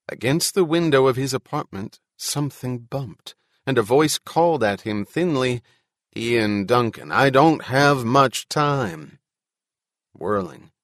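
A man's voice: on the low side, no room sound, studio quality. Man narrating a science fiction story. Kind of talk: audiobook narration.

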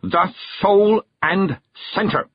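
A man voicing a stern, blunt old woman witch who talks in plain, rough country grammar, in a storybook reading. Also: mid-range voice, sing-song, moderate pace, no room sound, muffled recording, voice pushed up. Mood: scornful. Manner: gruff, plain-spoken, dropped-g country grammar.

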